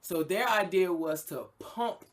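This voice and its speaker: A man co-hosting a podcast, telling a story in casual chat with loud, animated swings. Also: sits high, measured pace. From New Jersey. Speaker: podcast co-host.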